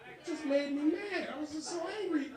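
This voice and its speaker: A man in his forties doing a stand-up set at a bar comedy show, profane and animated, quickly switching voices. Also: very high-pitched, roomy sound, far from the mic, crowd noise, poor audio.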